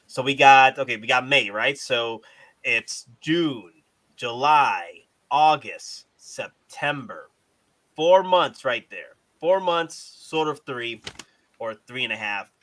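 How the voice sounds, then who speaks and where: A man hosting a casual collectibles chat, animated, repeating himself and swearing casually. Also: mid-range voice, slow, low-quality recording. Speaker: host.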